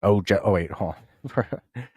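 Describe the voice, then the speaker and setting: Low-voiced profane podcast host, dry. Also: male voice, moderate pace, a little mellow, slightly rough, no echo. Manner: loose and profane, with offhand impressions. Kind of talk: casual podcast chat.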